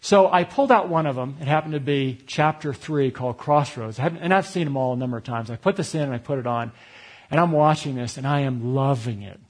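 A man's voice: mid-range voice, fast. A middle-aged man from Connecticut preaching a sermon, telling a personal, confessional story with quoted dialogue. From Connecticut, USA. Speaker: pastor.

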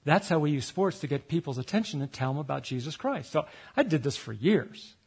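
Husky man telling a lively sermon story. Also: a little high, brisk. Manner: animated storytelling, acting out quotes, laughing at himself. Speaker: speaker at a retreat.

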